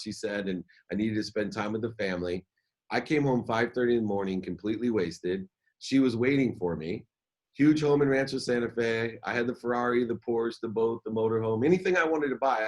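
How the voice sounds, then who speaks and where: Middle-aged guy opening up about his life, lowish voice, stumbles and repeats himself a lot. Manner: candid, halting repetitions. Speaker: guest. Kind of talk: personal storytelling in interview.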